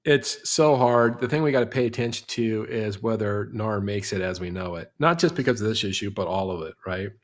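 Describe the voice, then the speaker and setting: Animated middle-aged man, talks shop. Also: lowish voice. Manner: rapid, animated, fills with "you know". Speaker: real estate industry guest. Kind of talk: podcast discussion.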